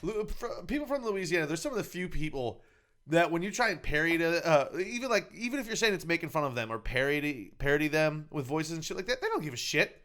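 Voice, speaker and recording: A man co-hosting a podcast in casual banter, animated, laughing often and swearing freely. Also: fairly high pitch, fast. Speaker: podcast co-host.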